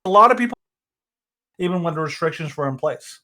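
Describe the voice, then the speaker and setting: A man's voice: on the high side, expressive, fairly quick, bright, forceful tone. A man co-hosting a casual podcast, rambling with restarts and frequent laughs. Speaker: podcast co-host.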